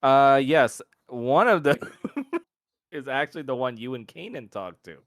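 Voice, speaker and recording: A man's voice: mid-range voice, animated, normal speed, dry recording, studio quality. A man running a tabletop game as game master, often laughing and doing many side voices.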